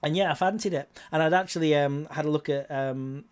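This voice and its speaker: A man's voice: on the high side, brisk, clean tone. A middle-aged man hosting a podcast, talking in a casual, rambling way with many fillers and restarts. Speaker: podcast host.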